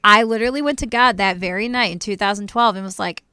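A woman's voice: mid-range voice, quick pace, few pauses, clear, resonant tone, no room sound, studio quality. A young woman co-hosting a casual chat, telling stories with lots of laughter and encouraging listeners with faith-based advice. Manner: animated storytelling with laughter. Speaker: podcast co-host.

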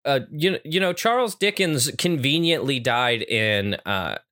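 A man's voice: mid-range voice, animated, unhurried, pushed and bright. A man co-hosting a podcast, playful and teasing in casual banter, laughing often. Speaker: podcast co-host.

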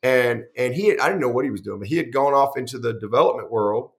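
A middle-aged man, a head football coach, telling long animated stories in a conversational interview, restarting sentences and acting out quoted dialogue. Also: medium pitch, quick pace, gravelly.

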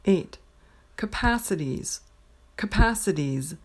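Slow, deliberate woman dictating words. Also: medium pitch, lively intonation. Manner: says each word twice, clearly and deliberately. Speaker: pronunciation teacher. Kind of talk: slow dictation of a word list.

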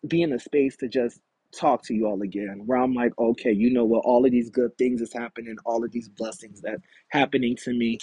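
A man's voice: medium pitch, darkish tone, slightly rough, dry recording. A man hosting a solo podcast, talking in a rambling, frank, confessional way from an outdoor backyard. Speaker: podcast host. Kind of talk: candid solo podcast monologue.

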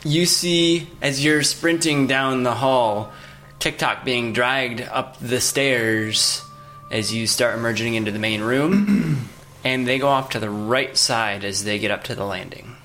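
A man narrating as game master for a tabletop game, describing scenes and answering players' questions in a steady way. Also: mid-range voice, measured pace, a little hiss or hum.

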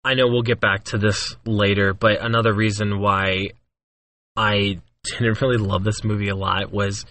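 A man's voice: on the low side, flat delivery, moderate pace, fairly bright tone. A young man co-hosting a podcast in casual chat, reflective and hesitant, with many fillers. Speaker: podcast co-host.

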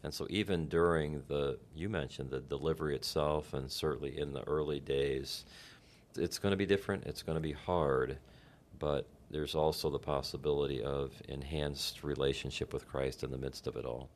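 A man with an extremely deep voice hosting a ministry podcast. His delivery is steady and affirming, and he wraps up the show with encouragement for listeners. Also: moderate pace. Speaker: podcast host. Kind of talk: podcast interview and outro.

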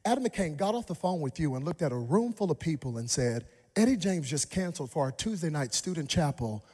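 A man in his thirties delivering a sermon as an animated storyteller. His voice sits slightly high, and he leaps into excited impressions of the people in his story. The long reverb of a large hall trails after each phrase. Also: fairly quick, husky. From Dallas, Texas. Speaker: pastor.

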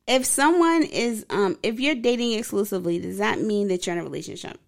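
A woman's voice: mid-range voice, moderate pace, gravelly. A woman co-hosting a podcast in casual chat, blunt and profane, laughing often. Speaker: podcast co-host.

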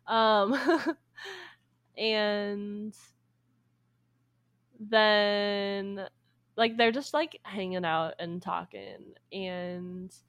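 A woman's voice: mid-range voice, steady tone, a bit bright, clear, resonant tone, dry recording, muffled recording. A young woman casually retelling a folk tale to a friend, laughing often and briefly voicing the characters. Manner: laughs often, acts out characters with quick voices. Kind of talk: casual storytelling chat.

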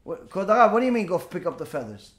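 A man voicing an eager, naive man who wants quick forgiveness and gets excited and flustered easily. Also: high voice, voice pushed down. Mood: bewildered. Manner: excitable, bewildered.

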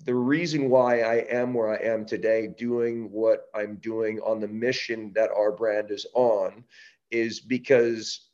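A man from Canada, a guest on an interview podcast, telling a story with restarts and lively acted-out quotes. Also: on the low side, slow pace, muffled recording. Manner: animated storyteller, many restarts, acts out quotes. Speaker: podcast guest, breath-work company founder.

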